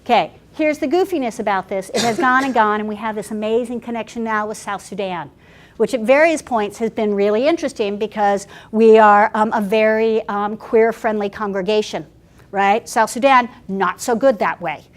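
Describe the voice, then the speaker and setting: A woman pastor telling stories in a workshop talk, animated and chatty with frequent restarts. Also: mid-range voice, moderate pace.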